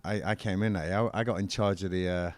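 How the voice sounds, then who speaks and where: In a dry recording, a middle-aged former football manager and musician tells stories during a casual interview. His deep voice holds a steady tone and moves quickly, and his manner is enthusiastic and rambling.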